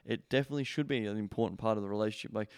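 Blunt, profane man with a smooth low voice. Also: very fast, a little mellow, dry recording, studio quality. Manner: blunt and profane, many fillers. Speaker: podcast host. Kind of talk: casual advice monologue.

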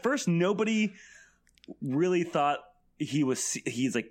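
A man's voice: on the high side, lively intonation, measured pace. A man, a guest on a podcast and a game master, telling a story in a laid-back way with lots of fillers. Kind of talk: casual podcast chat.

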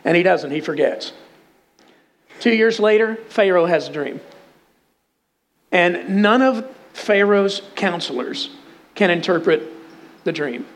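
High-voiced Texan man preaching. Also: takes it slowly, long pauses. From Texas. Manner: conversational storytelling with humor. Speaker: pastor. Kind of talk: sermon.

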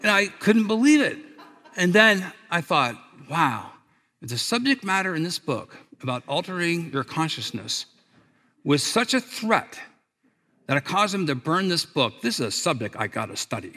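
A man speaking to an audience, spinning stories with lively energy and playing each character's lines. His voice is bright and fairly high, and it carries with a long reverb through a large hall. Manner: animated storyteller, acts out quoted voices, laughs at his own stories. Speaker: speaker giving a talk. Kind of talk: storytelling talk to an audience.

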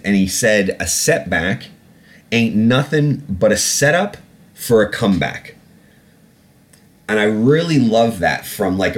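A man hosting a solo podcast, ranting about politics with heavy swearing and rambling, filler-laden asides. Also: deep voice. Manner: profane, ranting, swears often; rambling with many fillers and restarts. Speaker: podcast host.

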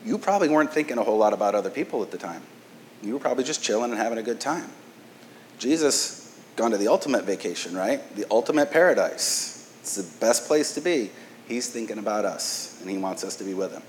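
A man with a fairly low voice delivers a relaxed, conversational sermon. He talks to the congregation like friends, restarts his phrases and tags on "right?". A faint hum of noise sits under him. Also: quick pace, poor audio. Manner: casual, asks "right?" often, stammering restarts. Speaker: pastor.

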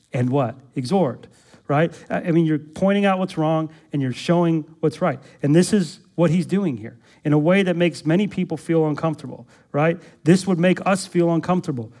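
Emphatic preaching man, fairly high voice. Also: darkish tone. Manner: emphatic, repeats words, asks the congregation rhetorical questions. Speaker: pastor. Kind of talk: expository sermon.

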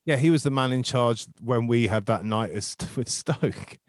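A man's voice: medium pitch, normal speed, no room sound, clean studio sound. A man hosting a casual football podcast, chatty and jokey. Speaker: podcast host.

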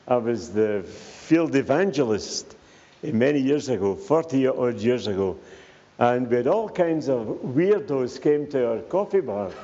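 A man's voice: medium pitch, dark tone. An older man, a visiting evangelist, greeting a church congregation with jokes and tagging his remarks with "eh?". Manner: jokey, tags remarks with "eh?". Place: church hall. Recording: echoey hall, muffled sound, faint background noise.

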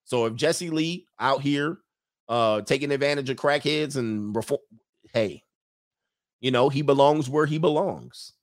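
A man's voice: medium pitch, unhurried. A man hosts a casual livestream, reading out viewer comments and answering them bluntly. He talks in loose street slang and drops short laughs between his points.

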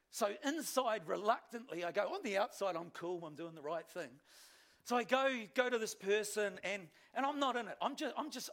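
A male pastor, preaching a sermon with animated, self-deprecating storytelling. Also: sits high, gravelly.

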